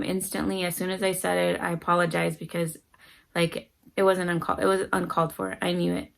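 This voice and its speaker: A woman's voice: on the low side, flat delivery, fairly quick, creaky, poor audio. A middle-aged mother talking casually to camera with parenting advice, earnestly acting out her children's voices as she tells stories. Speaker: parenting vlogger.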